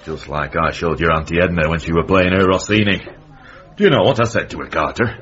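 A man's voice: sits low, brisk, a bit bright. An actor playing a grumpy older northern man in a radio comedy, with a Northern English accent, dry and boozy. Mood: smug. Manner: dry, boozy, mock-grand oratory. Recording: dull lo-fi radio broadcast.

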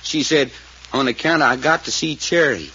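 A man's voice: medium pitch, normal speed, pushed and bright, close to an everyday voice. An actor playing a folksy, plainspoken man in a 1940s radio drama, telling what he saw. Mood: earnest. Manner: drawling, hesitant, plainspoken storyteller. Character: folksy rural male witness called Doc. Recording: dull old radio recording, faint hiss.

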